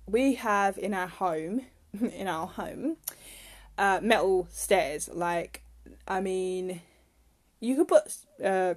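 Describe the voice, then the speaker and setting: A young woman talks casually on her own podcast. She rambles from point to point in a chatty way and grows heated when something annoys her. Her voice sits at a middling pitch. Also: darkish tone. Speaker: podcast host. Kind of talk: casual solo chat.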